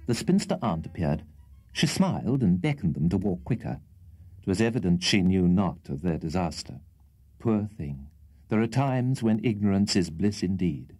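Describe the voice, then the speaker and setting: A man reading a classic children's audiobook aloud in an expressive, theatrical narration. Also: sits low, moderate pace, no echo. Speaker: audiobook reader. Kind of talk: scripted storybook narration.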